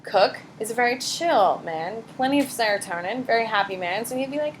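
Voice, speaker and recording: A woman teacher giving a casual, animated classroom lecture, blunt and chatty. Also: a little high, fairly quick, slight background noise. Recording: echoey classroom from far off.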